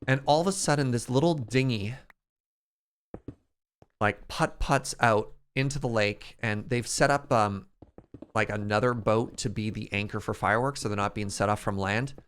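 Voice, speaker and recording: A man streaming a game, chatting casually and telling stories in an animated way to his chat. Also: on the low side, normal speed, clear, resonant tone. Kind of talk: casual storytelling while playing.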